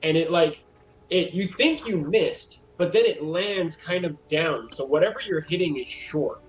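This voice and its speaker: A man's voice: on the high side, a little slow, rough recording. A man running a tabletop game as game master, describing scenes in a loose, casual way.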